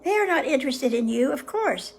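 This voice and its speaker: A woman hosting a session where she reads a book aloud to viewers, pausing often in a gentle, unhurried way to muse on the passages. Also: sits high, very animated, a little hiss or hum. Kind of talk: reading aloud with casual reflections.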